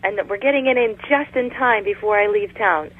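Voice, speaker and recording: A woman's voice: medium pitch, moderate pace, a little hiss or hum. Woman talking over a tinny phone line. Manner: chatty, long-winded, laughs easily. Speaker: voice actress guest. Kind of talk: casual interview chat. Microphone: phone call.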